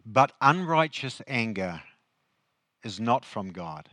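A man's voice: on the low side, sing-song, takes it slowly, pushed and bright, dry recording. A male pastor, preaching a sermon in a conversational way and asking the congregation questions.

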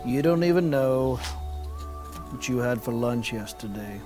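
A man's voice: mid-range voice, animated, unhurried, music in the background, close to an everyday voice. A man playing a literal-minded, pedantic disciple in a church comedy skit who keeps asking for clarity. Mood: fussy. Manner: pedantic, insists on being clear.

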